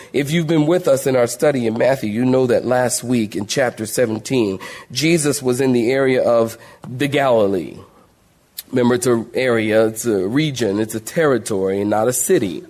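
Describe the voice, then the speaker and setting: A man, a pastor, teaching a Bible study in an animated, conversational style with humor. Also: medium pitch.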